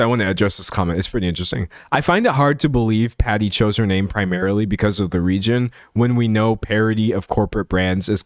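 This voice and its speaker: A man's voice: lowish voice, no echo, studio quality. A man talking through a story in casual commentary, chatty and self-correcting as he reads comments aloud. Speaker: commentary streamer. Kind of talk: casual live-stream commentary.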